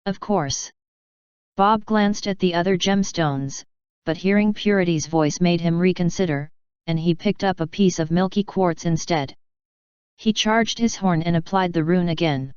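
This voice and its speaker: A woman reading fanfiction aloud as an audiobook, in a steady, even storytelling manner. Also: lowish voice, moderate pace, clean tone, no room sound. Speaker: fanfiction reader. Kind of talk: audiobook narration. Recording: dull lo-fi dry recording.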